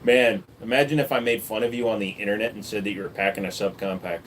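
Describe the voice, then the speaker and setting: A man's voice: on the low side, steady tone, fast, slight background noise. Chatty man live streaming at home. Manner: chatty, jokey, talks to his dog in a baby voice. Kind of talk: casual live stream chat.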